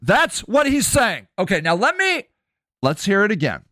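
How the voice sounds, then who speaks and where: A man hosting a podcast, delivering a heated, profane rant and shouting often between the clips he plays. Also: high voice, huge pitch swings, normal speed, dry recording, studio quality. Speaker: podcast host.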